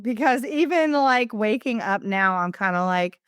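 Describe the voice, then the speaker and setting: A woman's voice: a little high, animated, a little slow, clean tone, dry recording, studio quality. A woman in her fifties, a podcast guest, talking expressively and dramatizing her inner dialogue. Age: 50s. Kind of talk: casual conversational interview.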